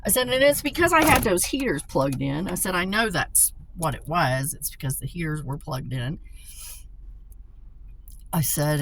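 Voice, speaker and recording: A woman casually telling a story, animated and excitable, with frequent swearing. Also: low voice, slight background noise, low-quality recording. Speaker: vlogger.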